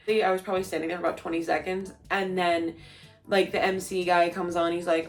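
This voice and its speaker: A woman's voice: fairly low pitch, level tone, brisk, soft background music. A young woman telling a story in a casual vlog, gushing and full of "like", acting out what people said. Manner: gushing, lots of "like", acts out quotes. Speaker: vlogger.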